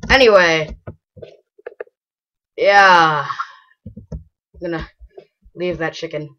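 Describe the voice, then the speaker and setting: A woman giving casual gameplay commentary in a lower-pitched but bright, forceful voice. She rambles and gushes excitably, often bursting into loud exclamations. The recording is dull and lo-fi. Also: extremely slow. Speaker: gaming channel host.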